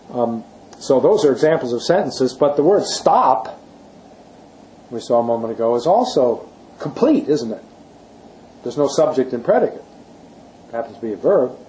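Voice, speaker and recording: A man's voice: medium pitch, dark tone, slight background noise, low-quality recording. A man giving a classroom lecture on language and the Bible, explaining patiently, leaning hard on key words and asking rhetorical questions. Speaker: Bible teacher.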